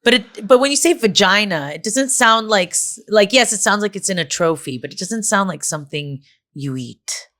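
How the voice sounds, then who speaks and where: Candid, expressive woman comedian guest. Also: medium pitch, normal speed, few pauses. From United States. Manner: candid, expressive, mixes earnest and playful. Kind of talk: casual chat.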